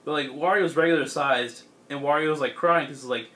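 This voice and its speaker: A man's voice: on the high side, fairly quick, fairly bright tone. A young man in a casual chat, rambling through a comic's plot with lots of fillers and laughs. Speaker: podcast co-host.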